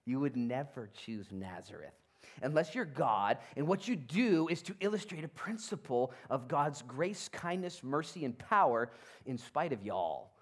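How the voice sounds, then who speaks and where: A man's voice: mid-range voice, lively intonation, a little slow. A man pastor preaching a sermon, telling the story with energy and acting out the people in it.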